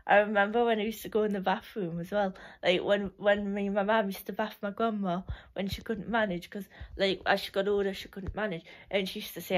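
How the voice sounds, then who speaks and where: A woman's voice: mid-range voice, steady tone, brisk. A young woman reminiscing in a casual, rambling way, full of "like" and restarts, often laughing.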